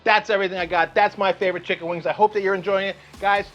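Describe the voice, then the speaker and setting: A man's voice: sits high, steady tone, racing, highs cut off. A man hosting his cooking vlog outdoors at a grill, chatty and enthusiastic, often checking in with "okay". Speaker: cooking show host. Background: rain and light music.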